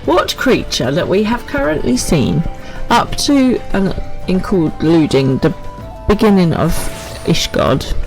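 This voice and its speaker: A woman chats casually with her viewers as she plays a game on stream. She talks in quick, friendly asides. Soft game music runs faintly in the background. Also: on the low side, big pitch swings, poor audio. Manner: chatty, quick asides with laughs. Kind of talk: casual live-stream chat.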